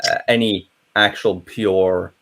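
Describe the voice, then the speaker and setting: Young man, Norwegian accent, non-native English, casual panel talk, lively and self-interrupting. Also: lowish voice, slow. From Norway. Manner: rambling, animated, many restarts.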